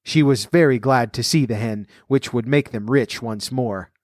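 A man narrating a fairy tale in a steady, even storybook reading. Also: medium pitch, moderate pace, no room sound, clean studio sound.

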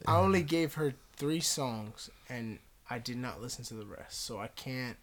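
A man's voice: medium pitch, animated, moderate pace. A man co-hosting a podcast, steering the talk and asking questions. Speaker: podcast co-host. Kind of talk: casual chat.

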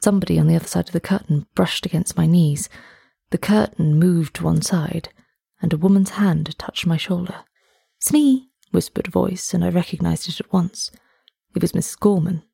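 A woman narrating a story in the first person with an even, measured reading. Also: fairly low pitch, creaky, husky, no room sound, clean studio sound.

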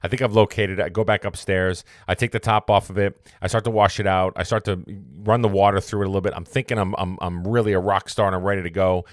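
A man's voice: low voice, steady tone, quick pace, few pauses, no echo, studio quality. A man hosting a podcast, telling a long story in a rambling, self-correcting way before turning it into a motivational point. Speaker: podcast host. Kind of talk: casual storytelling monologue.

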